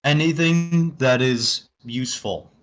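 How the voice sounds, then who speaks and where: An eager man playing a tabletop game from home. His voice sits at a middle pitch, and he thinks aloud with plenty of fillers and restarts. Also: slow. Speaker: player. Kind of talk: casual tabletop game chat.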